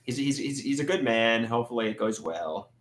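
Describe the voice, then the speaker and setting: A man's voice: medium pitch, animated, a little fast, fairly bright tone. A man chatting casually on a livestream and reading out comments, often stammering and repeating his words. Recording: echoey room.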